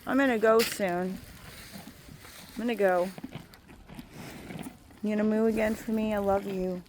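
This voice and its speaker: A woman's voice: medium pitch, fairly even intonation, measured pace, a little hiss or hum. A woman talking in a rambling, sing-song way to a cow outdoors, recorded on a phone camera. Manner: sing-song baby talk to a cow, drifting into soft musings. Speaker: animal lover talking to a cow. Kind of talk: rambling talk to an animal.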